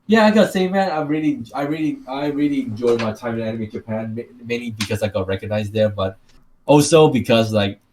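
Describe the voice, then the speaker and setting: A man's voice: medium pitch, animated, fairly quick, darkish tone, a little hiss or hum. A man from Taiwan with a Taiwanese accent, co-hosting a casual podcast and telling rambling stories with repeated words and restarts. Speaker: podcast co-host.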